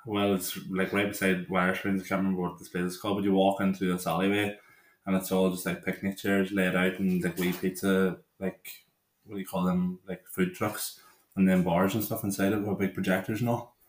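A man's voice: low-pitched, level tone, a little fast, echoey room. A Northern Irish man in his twenties telling long, rambling stories with lots of "like" while co-hosting a casual podcast chat. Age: 20s. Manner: rambling, laughing anecdotes with lots of "like". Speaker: podcast co-host.

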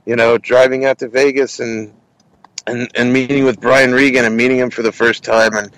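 A man who hosts a comedy interview podcast, telling stories in an animated, casual way with lots of restarts. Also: mid-range voice, normal speed, dry recording, low-quality recording. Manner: animated, many restarts and quoted voices.

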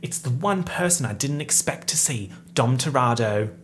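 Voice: medium pitch, animated, moderate pace, slight background noise, close to an everyday voice. A speaker putting on an older woman's exaggerated Cockney accent, playing a movie villain in a mocking impression. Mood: brassy. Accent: Cockney, put on.

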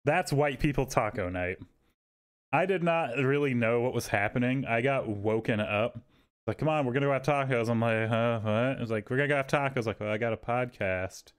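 Animated man telling a story. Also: medium pitch, normal speed, clean tone. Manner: animated, swearing, acts out quotes in raised voices. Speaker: podcast co-host. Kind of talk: casual storytelling chat.

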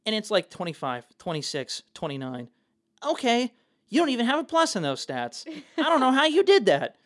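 A young man, a dungeon master co-hosting a podcast, talking in an animated, excitable casual chat and swearing freely. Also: high voice, moderate pace, dry recording, studio quality.

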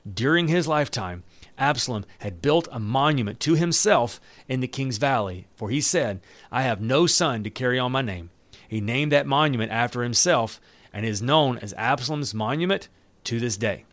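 Guy preaching, reads the bible then cracks jokes, lively and chatty. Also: medium pitch, moderate pace, no room sound. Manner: animated, joking asides with laughs. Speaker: pastor. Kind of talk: sermon reading scripture with commentary.

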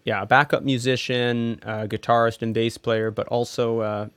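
A man's voice: mid-range voice, level tone, normal speed, a bit bright, clear, resonant tone, dry recording. A man who is a guest and a guitarist, talking casually in an easygoing, reflective way. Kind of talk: casual chat.

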